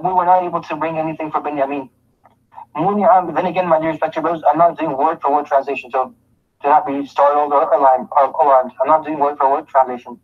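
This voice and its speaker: A man gives a scripture lesson at a very quick clip. His voice sits a little high. He rattles off Arabic verses and then explains them in English, restarting his phrases often, on a dull, lo-fi recording. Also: steady tone. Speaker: Islamic teacher. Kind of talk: Quran commentary lesson.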